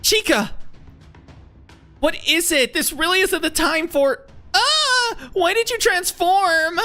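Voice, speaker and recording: A streamer voicing a flustered, whiny young girl from a game, high and squeaky, over background music. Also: animated, slow pace, pushed and bright, exaggerated voice.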